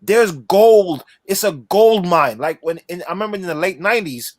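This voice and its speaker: A man with a high, bright voice talks with runaway enthusiasm on a podcast livestream. He repeats and restarts his words in his excitement. The sound is dry and close. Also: normal speed, no room sound. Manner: passionate, effusive, restarts often. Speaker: podcast co-host. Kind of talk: excited casual livestream chat.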